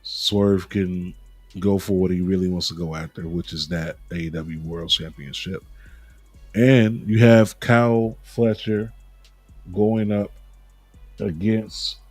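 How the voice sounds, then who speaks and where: A man's voice: low voice, fairly even intonation, slow pace, a little mellow, breathy edge, dry recording, faint music behind. A man hosting a casual wrestling talk show, joking and laughing at his own stumbles over names. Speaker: podcast host.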